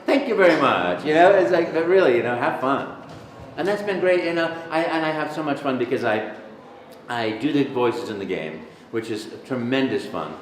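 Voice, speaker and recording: A man in an interview at a convention, telling stories in an animated, jokey way. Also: mid-range voice, moderate pace, reverberant, slight background noise. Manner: animated, jokey storyteller, breaks into voices. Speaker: voice actor, interview guest. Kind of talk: casual storytelling interview. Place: convention venue.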